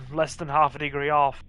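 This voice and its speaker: A man's voice: a little high, unhurried, vocal fry, pushed and bright. A man from northern England hosting a live gameplay stream, chatting with viewers and reacting to the game as he plays. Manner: chatty, reads and answers viewer chat while playing. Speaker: livestream host.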